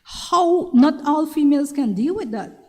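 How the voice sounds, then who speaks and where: A woman's voice: high voice, animated, a little slow, a little mellow. Chatty Belizean woman host, echoey room. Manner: chatty, repeats herself, asks "you understand?". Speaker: talk show host. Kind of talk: casual advice monologue. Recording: long reverberant room sound.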